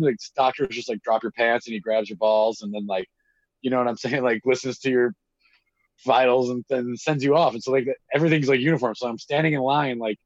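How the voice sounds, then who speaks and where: A man, telling stories in casual chat, animated and acting out quotes with lots of fillers and swearing. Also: medium pitch, dry recording. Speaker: guest telling prison stories. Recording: dull lo-fi dry recording.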